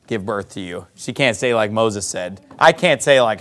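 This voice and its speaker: A man preaching a sermon, reading scripture aloud and mocking whiners with exaggerated voices. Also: moderate pace. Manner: preaching with animated high outbursts and scripture reading. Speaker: pastor.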